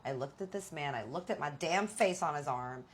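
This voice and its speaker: A woman's voice: sits low, expressive, moderate pace, slight background noise. A woman vlogger telling a personal story in a chatty, confiding way, speaking straight to her viewers. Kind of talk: casual storytelling.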